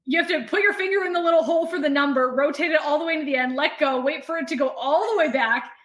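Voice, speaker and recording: A woman's voice: sits high, quick pace, fairly bright tone, echoey room. A young adult woman chatting as a podcast guest, explaining things step by step. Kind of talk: casual interview chat.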